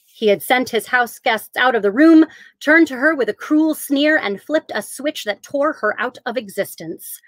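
A woman author reading aloud from her own novel in an expressive, theatrical way. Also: high voice, normal speed, dry recording. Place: home during lockdown, live stream.

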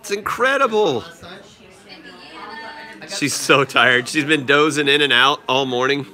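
A man in his thirties chats to his daughter and viewers on a livestream from home, talking into a phone camera. His voice is bright and lively, swooping up into high exclamations, and he draws out his words at an unhurried pace. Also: some chatter behind. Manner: sing-song, exclamatory, often leaps high in pitch. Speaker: vlogger dad hosting a livestream. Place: family home, indoors.

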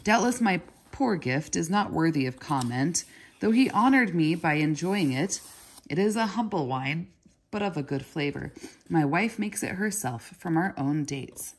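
A woman's voice: low-pitched, animated, unhurried, breathy edge, full character voice. A woman reading aloud voices a fawning male Babylonian porter with a reedy, hissing voice and oily manner. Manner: oily and ingratiating.

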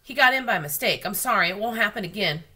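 A spunky, earnest young girl who hollers when she means it, as a woman reading a storybook aloud puts her on. Her voice is pushed bright and high above the reader's own. A breathy edge still comes through. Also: animated, quick pace. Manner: hollering, eager and sincere.

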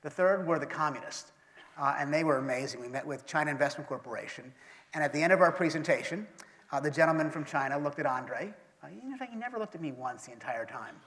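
A middle-aged man on stage as interviewer, telling animated anecdotes and acting out what others said. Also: a little high, quick pace. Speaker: interviewer and business partner. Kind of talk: storytelling on stage. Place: lecture hall. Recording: reverberant hall.

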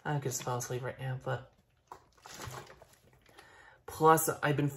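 A man's voice: mid-range voice, fairly even intonation, a little slow, sharp tone, a little hiss or hum. A tired young man from Ontario with a Canadian accent, rambling profanely in a casual vlog. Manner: profane, rambling, swings between outbursts and mumbling. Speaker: vlogger. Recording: echoey room.

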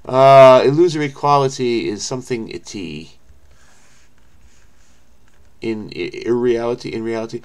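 A man's voice: medium pitch, gravelly. A man hosting a crossword video, thinking aloud in a frenetic way and often muttering or trailing off as he works through the clues. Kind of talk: thinking aloud while solving a puzzle.

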